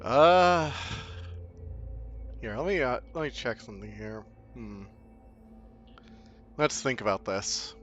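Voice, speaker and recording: A man's voice: medium pitch, lively intonation, slow, long pauses, fairly bright tone, highs cut off, soft background music. A man hosting a let's-play, making chatty, joking asides over the game in casual commentary.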